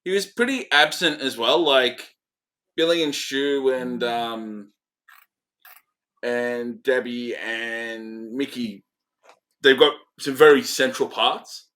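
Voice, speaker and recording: A man gives relaxed opinions on a movie, with some hesitations and frequent laughs. His pitch is mid-range and his tone is bright. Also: slow pace. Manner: easygoing, hesitant, laughs often. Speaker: podcast co-host. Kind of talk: casual film review chat.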